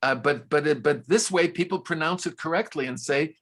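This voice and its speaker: A man's voice: a little high, a little fast, few pauses, a bit bright. An older man from New York, a film director and playwright, answering questions casually on a video call and often restarting his sentences.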